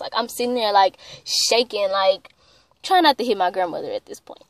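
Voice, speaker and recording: A woman's voice: medium pitch, expressive, fairly quick. A young woman tells a heated, profane story in a casual vlog, full of "like". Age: young adult. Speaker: vlogger.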